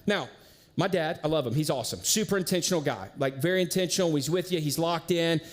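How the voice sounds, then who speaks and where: A man preaching a sermon as pastor, in a casual, conversational way with slang and lively storytelling. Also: fairly high pitch, fast. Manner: animated storyteller.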